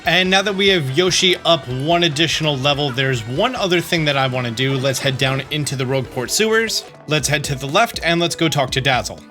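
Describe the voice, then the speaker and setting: A man narrates a video game walkthrough from home in a chatty, upbeat way. His voice sits a little high and sounds bright. Faint game music plays beneath him. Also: expressive, brisk, few pauses. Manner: upbeat, chatty, reads game text aloud. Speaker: gaming YouTuber. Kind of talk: walkthrough commentary.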